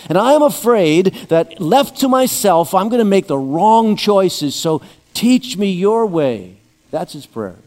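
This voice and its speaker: A man preaching a sermon with a slightly higher-than-usual voice in a church sanctuary, with long reverb trailing each phrase. He keeps an easygoing, conversational tone and slips in light humor. He slows down and drops low when he reads scripture. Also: darkish tone. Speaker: pastor.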